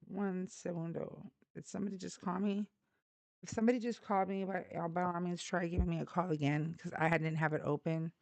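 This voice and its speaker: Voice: mid-range voice, steady tone, a little fast, gravelly, no room sound. A live call-in show host arguing politics with callers in a blunt, mocking, combative way. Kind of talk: heated live call-in debate.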